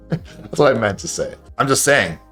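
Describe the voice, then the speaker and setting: A man's voice: medium pitch, very animated, a bit bright. A man livestreaming blunt, profane dating advice in a casual rant, with faint music in the background. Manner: blunt, profane, rapid-fire. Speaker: livestreamer and game coach.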